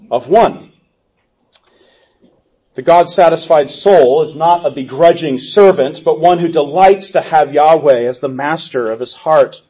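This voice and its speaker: A man preaching an expository sermon, earnestly explaining scripture and slowing down for quoted verses before dropping to quiet reflective asides. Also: on the high side, husky. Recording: dull lo-fi sound.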